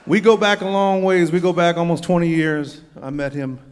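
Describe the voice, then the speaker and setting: In this live concert recording, with crowd and band audible and a bit of hiss or hum, a man leads his band and jokingly introduces the players. His voice is a little high and his pace normal as he works the audience like a showman.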